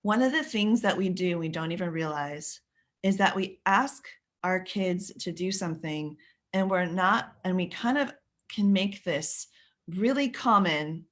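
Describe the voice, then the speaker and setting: Lower-voiced woman coaching parents live. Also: a bit bright. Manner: chatty, greets viewers by name, restarts sentences. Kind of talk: live-streamed parenting workshop.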